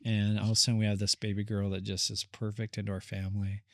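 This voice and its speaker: A man's voice: lowish voice, completely flat delivery, fast, vocal fry, dry recording, clean studio sound. A man who is a therapist, a guest on a podcast, telling a family story in an earnest, rambling way and acting out what people said. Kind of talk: casual storytelling conversation.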